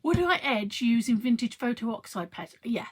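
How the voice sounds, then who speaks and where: A woman's voice: a little high, sing-song, moderate pace, husky. A woman in her thirties chatting to viewers while she demonstrates a craft project live. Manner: chatty, friendly, talks to viewers and reads their comments.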